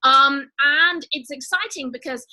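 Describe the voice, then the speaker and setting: A woman's voice: sits high, unhurried, bright, forceful tone, poor audio. A woman hosting a live online show, chatting casually with viewers in a bubbly way with lots of fillers. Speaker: livestream host.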